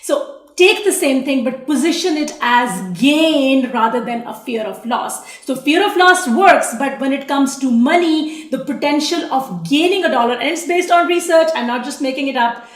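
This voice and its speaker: A woman's voice: sits high, roomy sound. A woman teaching sales copy in a blunt, sassy way, swearing casually as she goes. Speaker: online marketing coach. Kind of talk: talking-head teaching video.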